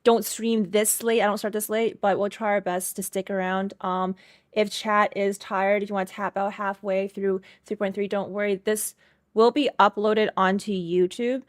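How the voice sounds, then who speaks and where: A chatty woman streamer talks casually into a desk mic, rambling and greeting her viewers one by one. Her voice sits at an ordinary middle pitch. The sound is dry and close, with no room echo. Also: flat delivery, moderate pace. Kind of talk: casual live-stream chat.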